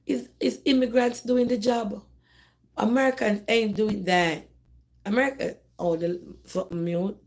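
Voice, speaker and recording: Her mid-range voice is steady, gravelly, and darkish, with a measured pace. This middle-aged Jamaican-accented woman from Jamaica hosts a live call-in phone stream, chatting casually and animatedly to her audience while repeating herself and starting over a lot.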